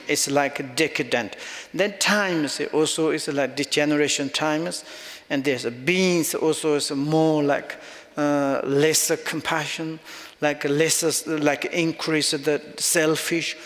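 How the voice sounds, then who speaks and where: A male Buddhist teacher giving a dharma talk in halting non-native English with loose phrasing, chuckling often as he explains. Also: a little high, a bit bright. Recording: long reverb of a large hall.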